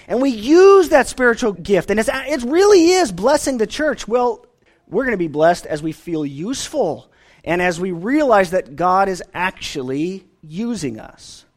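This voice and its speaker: Man, pastor, earnest sermon delivery; high, very animated pitch. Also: unhurried. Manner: earnest preaching, rising and falling emphasis.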